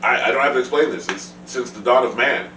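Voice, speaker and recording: A man's voice: mid-range voice, fast talker, soft background music. A man telling jokes in a casual chat, laughing often as he talks. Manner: joking, laughs often, lively. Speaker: comedian guest. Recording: echoey room, distant mic, noisy.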